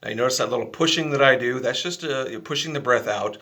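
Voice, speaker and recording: A man giving a casual, chatty flute lesson, relaxed and a little self-deprecating. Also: medium pitch, fast talker, faint music behind. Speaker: flute teacher.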